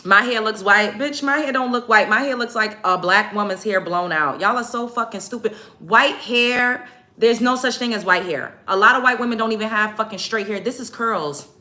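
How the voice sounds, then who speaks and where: A woman's voice: a little high, normal speed, sharp tone. A woman ranting bluntly and sarcastically to camera while getting ready, with a Black American English accent and frequent profanity. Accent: African American English. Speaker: vlogger. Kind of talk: get-ready-with-me rant to camera.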